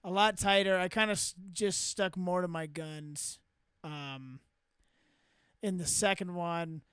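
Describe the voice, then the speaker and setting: High, smooth-voiced young man chatting. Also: fairly bright tone, dry recording, studio quality. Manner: laid-back, trailing off, quick to laugh. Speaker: comedy podcast co-host. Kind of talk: casual chat.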